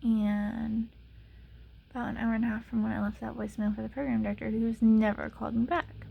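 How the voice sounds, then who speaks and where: A young woman vlogs in a casual, exasperated rant, full of sarcasm and "like" fillers. Her fairly high voice is husky and gravelly with fry. At times she sinks into a soft whisper. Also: level tone, fairly quick, narrow, tinny audio. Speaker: ASMR channel vlogger.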